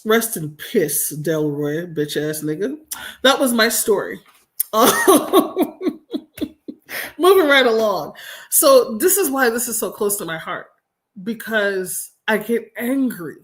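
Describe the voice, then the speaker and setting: A woman in her forties talks casually on a livestream from home. She is blunt, profane and emphatic, and her voice sits at an ordinary middle pitch. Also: expressive, normal speed. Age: 40s. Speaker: streamer host.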